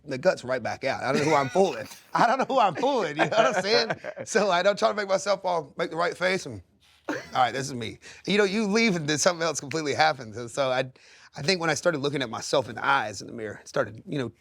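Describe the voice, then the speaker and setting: A man's voice: medium pitch, a bit bright, dry recording. A man in his thirties, a singer talking candidly as a podcast guest, rambling and earnest with many restarts. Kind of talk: candid conversational interview. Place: podcast studio.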